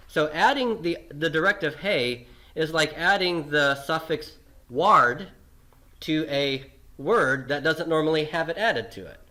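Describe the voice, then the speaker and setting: A male teacher giving a recorded class lecture, patient and repetitive, often checking in with "okay?" and slowing down on key terms. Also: fairly high pitch, bright, forceful tone. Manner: lots of fillers and restarts, slowing on key terms.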